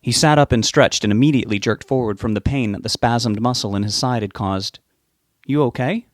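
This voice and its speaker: A man narrating a novel as an audiobook reader, giving the characters' lines small lifts in pitch. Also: a little fast, dry recording, studio quality.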